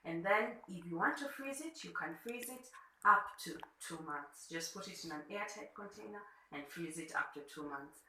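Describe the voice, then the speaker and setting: A woman from Kenya with a Kenyan accent, a food blogger calmly walking through a cooking tutorial step by step in her home kitchen. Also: fairly low pitch, reverberant, a little hiss or hum, rough recording. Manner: unhurried, demonstrating step by step.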